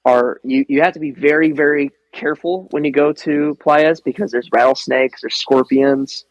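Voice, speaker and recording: A man's voice: on the high side, moderate pace, no echo, highs cut off. Swearing, storytelling man on a podcast. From American Midwest. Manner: swears freely, animated anecdotes, laughs often. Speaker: podcast guest, airsofter. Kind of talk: casual storytelling chat.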